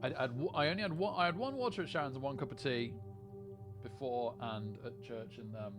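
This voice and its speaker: A man's voice: mid-range voice, brisk, over music. A man chatting casually to viewers on a live poker stream. He rambles and often repeats words as he starts a sentence. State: lightheaded.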